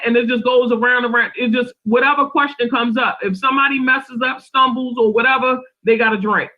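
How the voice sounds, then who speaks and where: A man's voice: very high voice, steady tone, fast, few pauses. A man on a remote call, rambling through an explanation with repeats and casual swearing. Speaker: co-host. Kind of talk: casual group chat. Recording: muffled lo-fi call audio.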